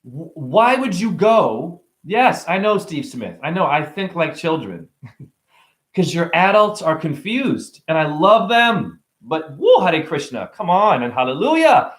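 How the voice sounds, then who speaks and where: A man giving a rambling spiritual monologue to camera, animated and preachy, joking, exclaiming and swearing casually. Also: fairly high pitch, unhurried. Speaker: spiritual vlogger.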